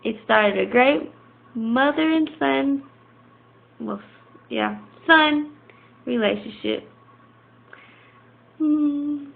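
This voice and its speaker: A middle-aged woman talks slowly and teasingly, with a gravelly fry in her voice. The sound is thin and tinny, like a phone line. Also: high voice. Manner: slow, teasing, fond. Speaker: girlfriend's mother.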